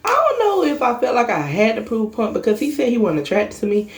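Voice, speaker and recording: A woman's voice: fairly high pitch, wildly swooping pitch, quick pace. A young woman vlogger telling a personal story in a casual monologue, blunt, emphatic and full of cursing.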